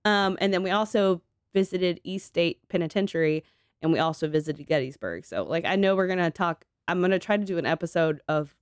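Low-voiced woman, laughing, swearing co-host. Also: expressive, fairly quick, smooth, no echo, studio quality. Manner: laughs often, swears casually. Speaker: podcast co-host. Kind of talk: casual chat.

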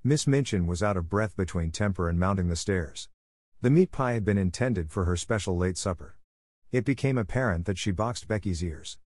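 A man narrating a classic children's novel in a steady, measured reading voice. His tone is low and even, and the recording is dry and close with no room sound. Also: dry recording. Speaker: audiobook narrator.

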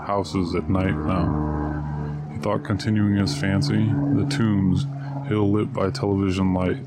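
A man reading a short story aloud in steady, measured narration. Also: low voice, heavy background noise.

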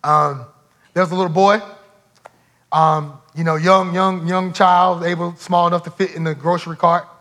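Pastor delivering a sermon, man with a high voice, emphatic and repetitive. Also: flat delivery, normal speed, fairly bright tone. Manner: emphatic, repeats phrases for effect.

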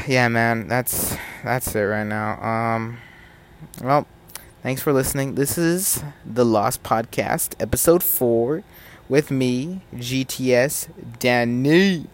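Young male podcast host, profane and animated rant, mid-pitch voice. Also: takes it slowly.

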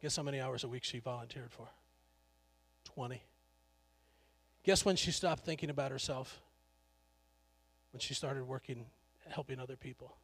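A man's voice: medium pitch, moderate pace, long pauses, slightly rough, long reverb tail. A male pastor preaching a sermon in a conversational, joking way, laughing often.

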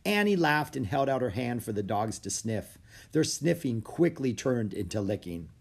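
A man narrating a children's storybook aloud, expressive and animated. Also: medium pitch, moderate pace, vocal fry, slightly rough.

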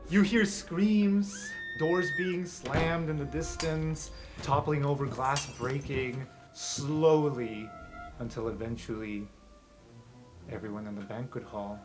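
A man running a tabletop game as game master, describing scenes in a lively way that swings from hushed to excited. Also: medium pitch, a little slow, low-quality recording. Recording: background music under the voice.

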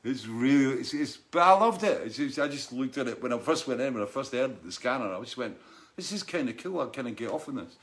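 Here a man hosting a live online show reads out viewer names, chatting casually with many restarts and regular laughter. His mid-range voice is expressive and a little fast.

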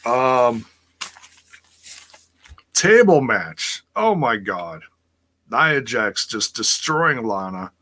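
Male stream host, crisp bright tone, casual rambling chatter with repeated words. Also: mid-range voice, sing-song, very slow, long pauses. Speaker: wrestling podcast host reading chat. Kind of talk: casual live-stream chat.

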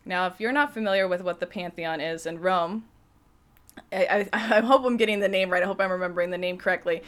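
A woman's voice: on the low side, brisk, a bit bright. Young woman podcaster rambling through a personal story, emotional, lots of fillers. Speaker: podcast host. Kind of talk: casual storytelling monologue.

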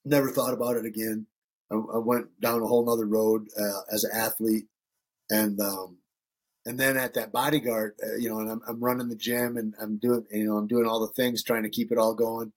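Husky man telling loose, profane stories. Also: lowish voice, level tone, brisk. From Northern Michigan. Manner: loose and profane, acts out quoted voices. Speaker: podcast guest. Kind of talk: casual storytelling.

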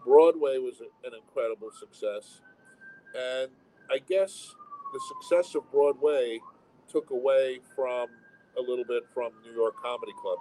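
A man's voice: mid-range voice, warm tone, a little hiss or hum, poor audio. A man who owns comedy clubs, talking bluntly and with strong opinions in a casual interview. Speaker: comedy club owner. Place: home town with fire sirens.

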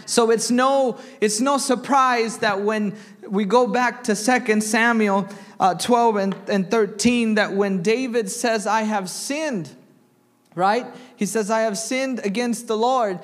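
High-voiced young preacher in a reverberant church. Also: male voice, steady tone, slow. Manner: reads scripture aloud, asks the congregation questions. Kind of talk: sermon. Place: church sanctuary.

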